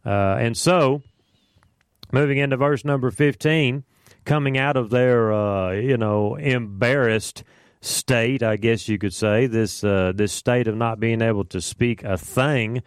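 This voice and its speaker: A man's voice: mid-range voice, a little slow, clean tone, no echo, studio quality. A man leading a casual Bible study, explaining scripture in a conversational way with fillers and asides.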